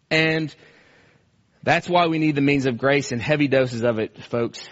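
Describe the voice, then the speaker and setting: A man's voice: mid-range voice, a little slow, a bit bright, lo-fi sound. A male pastor preaching a sermon with passion, often repeating phrases and acting out quoted cries.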